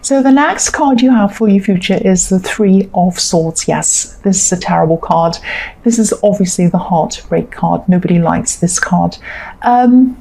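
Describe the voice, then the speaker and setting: A woman's voice: lowish voice, animated, measured pace, gravelly, warm tone. A woman chatting through a tarot card reading in a rambling, casual way, with lots of fillers and repeats. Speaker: tarot reader.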